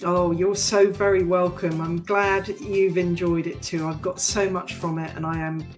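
Faint music sits behind this middle-aged podcast host, whose voice is on the low side with a flat delivery at normal speed. Her talk is conversational, full of fillers and easy laughs, and it wraps up with a scripted outro.

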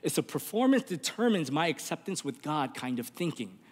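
High-voiced pastor in an echoing hall. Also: male voice, sing-song, moderate pace, husky. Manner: earnest, building to impassioned appeals. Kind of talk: sermon. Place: church sanctuary. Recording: reverberant church hall.

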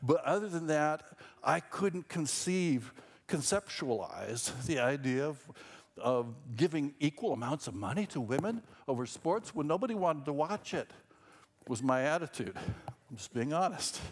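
Slow, rambling middle-aged pastor. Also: male voice, fairly high pitch, animated, slightly rough. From Minnesota. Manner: conversational, rambling, self-deprecating asides. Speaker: senior pastor. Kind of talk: sermon.

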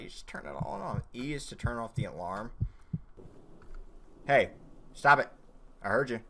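A young man giving casual let's-play commentary, excitable, yelping and shouting at the game. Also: slight background noise. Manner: reads instructions aloud fast in a high, mocking voice. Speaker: gaming YouTuber.

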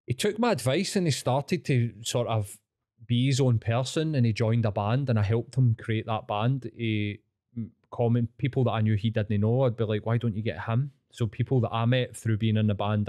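A man's voice: mid-range voice, moderate pace, darkish tone, no room sound, studio quality. A man in his thirties with a Glaswegian Scottish accent, telling blunt, sweary stories as a podcast guest, rambling with restarts. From Scotland. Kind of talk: candid storytelling.

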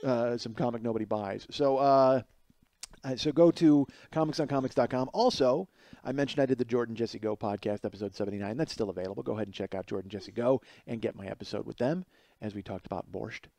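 A man's voice: mid-range voice, fast, no room sound. Rambling comedic storyteller, a man in his forties. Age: 40s. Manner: rambling storyteller, voice climbs and gets loud when excited. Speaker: podcast host. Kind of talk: casual comedic monologue.

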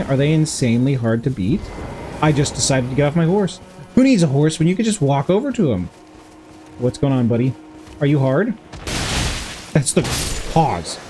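A man's voice: fairly high pitch, dark tone, a little hiss or hum. A man streaming a game live, commenting in a playful, giggly and goofy way. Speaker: gaming streamer. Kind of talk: live let's-play commentary.

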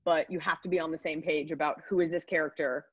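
A woman in her thirties, a comedian, chatting upbeat and quick in an interview over a video call. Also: low-pitched, fairly even intonation, slightly rough, no echo. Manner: chatty, upbeat, rapid asides. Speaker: comedian guest. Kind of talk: casual interview answers. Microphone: computer mic on a video call. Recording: dry, dull video call audio.

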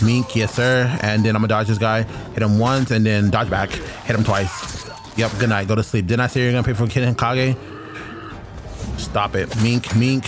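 A young man commenting on his own gameplay, chatty and excitable, trash-talking enemies as he fights. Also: lowish voice. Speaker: gaming streamer. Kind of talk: let's-play commentary.

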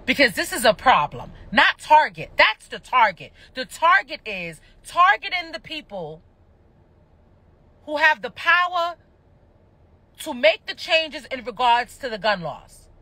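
A woman's voice: sits high, big pitch swings, measured pace, pushed and bright, dry recording. A woman ranting on a livestream, passionate, annoyed and cursing, talking indoors at home into a phone. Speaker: reality TV personality going live. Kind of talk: livestream rant.

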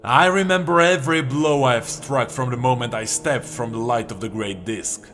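A man's voice: mid-range voice, normal speed, a bit bright, soft background music, close to an everyday voice. A man voicing a bitter, blunt male warrior god who snaps and snarls his lines in a storybook reading. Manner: curt, snarling.

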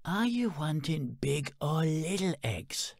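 A man voicing a brisk older countrywoman selling chickens, teasing and motherly, speaking slowly. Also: on the high side, very animated, gravelly, dry recording, studio quality, pitched above the performer's own voice, exaggerated voice. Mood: teasing, kindly.

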